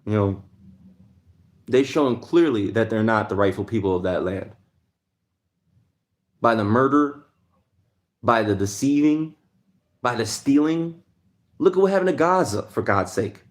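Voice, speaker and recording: A man's voice: mid-range voice, animated, measured pace, long pauses. A man hosting a livestream, ranting heatedly in a casual monologue and answering chat. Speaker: livestream host.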